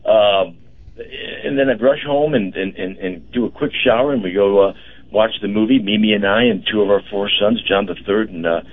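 Rambling low-voiced male radio host. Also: moderate pace, narrow, tinny audio. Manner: rambling, many fillers and restarts. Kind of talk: casual talk radio chat.

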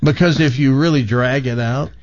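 A man's voice: medium pitch, moderate pace, dull audio, background noise. A man hosting a talk radio show, chatting opinionatedly with his co-hosts and taking callers. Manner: opinionated, chatty, self-correcting. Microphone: studio microphone.

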